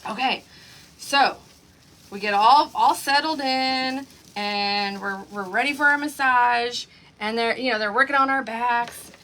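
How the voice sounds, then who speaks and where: High, bright-voiced chatty woman. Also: unhurried. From Oklahoma, USA. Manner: chatty storyteller, laughing often, addressing viewers directly. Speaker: craft livestream host. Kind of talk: casual chat on a livestream.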